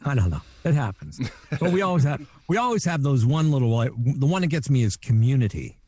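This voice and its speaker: A middle-aged man from Canada, a voice actor, telling animated stories in a casual interview and slipping into quoted voices. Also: medium pitch, brisk, dry recording. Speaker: voice actor guest.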